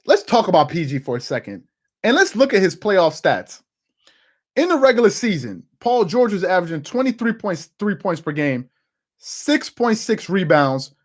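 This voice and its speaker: A man hosting a live sports talk stream, talking through his notes, repeating words as he goes and answering chat comments. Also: fairly high pitch. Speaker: sports talk show host.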